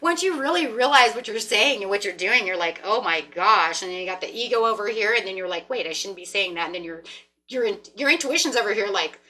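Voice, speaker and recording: Bright-voiced woman reading tarot casually. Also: mid-range voice, fast. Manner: rambling, animated, talks to herself with laughs and mock voices. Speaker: tarot reader. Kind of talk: casual spiritual talk to camera.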